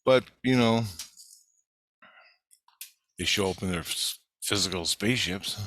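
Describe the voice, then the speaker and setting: A man's voice: on the low side, a little slow, a bit bright, slight background noise. A man giving a rambling, profane spiritual video update in an agitated way. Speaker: vlogger.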